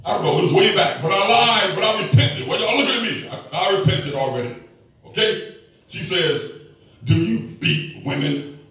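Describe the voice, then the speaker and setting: High-voiced preacher in an echoey hall. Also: male voice, normal speed, recorded from a distance. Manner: animated, joking with the congregation. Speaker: pastor. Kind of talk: sermon.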